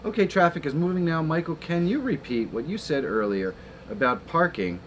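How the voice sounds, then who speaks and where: A man hosting a casual livestream, chatting in a relaxed way and greeting viewers. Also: fairly high pitch, normal speed, a little hiss or hum. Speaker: channel host.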